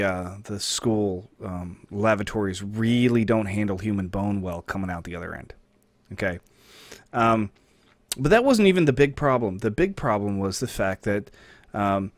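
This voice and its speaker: A young man hosting a livestream, telling a crude story in a deadpan, profane way with chatty asides to his viewers. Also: on the low side, no echo. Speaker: livestream host. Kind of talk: crude comedic storytelling while gaming.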